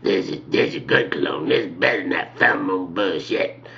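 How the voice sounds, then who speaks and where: A man playing a pushy old male bathroom attendant who talks low and half-whispered. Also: normal speed, vocal fry, a little hiss or hum. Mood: insistent. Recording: dull lo-fi video recording.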